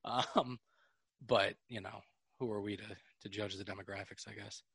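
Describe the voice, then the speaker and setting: A man with a New York accent, hosting a casual podcast chat, animated and laughing often. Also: on the low side, normal speed, gravelly, slightly rough, dry recording, studio quality. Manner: animated, laughing, swearing freely. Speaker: podcast host.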